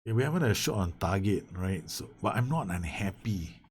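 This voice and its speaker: A man's voice: deep voice, lively intonation, fairly quick, a little mellow, slight background noise. A man giving casual commentary on a football management game, talking to his players, swearing and laughing as the match swings. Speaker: gaming YouTuber. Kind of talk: casual Let's Play commentary.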